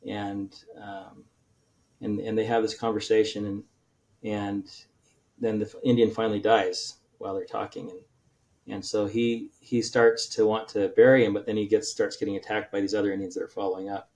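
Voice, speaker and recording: A man with a fairly low voice talks as a podcast guest, retelling a story at length. He stumbles and restarts his sentences often, filling the gaps with ums and uhs. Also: level tone, normal speed, darkish tone. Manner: rambling retelling with many restarts and fillers. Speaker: author guest. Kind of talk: casual podcast interview.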